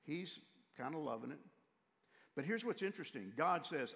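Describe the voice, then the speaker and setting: A man's voice: mid-range voice, a little fast, vocal fry, a bit bright, long reverb tail. A man preaching a sermon in a conversational, emphatic way, from a church sanctuary. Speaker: pastor.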